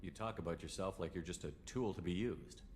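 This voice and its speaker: An actor playing a male starship commander who speaks in an even, measured way in a game. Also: low voice, lightly acted. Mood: calm.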